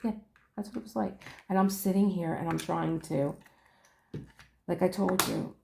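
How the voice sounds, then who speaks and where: Woman, casual storyteller vlogging from home; animated retelling with laughs, room echo audible. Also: fairly low pitch, moderate pace, vocal fry, a little hiss or hum. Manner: chatty, acts out quoted dialogue, laughs often. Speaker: diamond painting vlogger.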